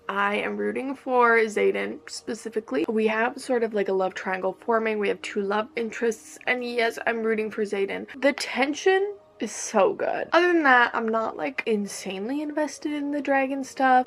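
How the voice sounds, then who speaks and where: A woman's voice: medium pitch, vocal fry. A young woman in her twenties vlogging at home about her reading, chatty and gushing. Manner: chatty and gushing, lots of "like" and "obsessed". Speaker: book vlogger. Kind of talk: casual reading vlog. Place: home, indoors.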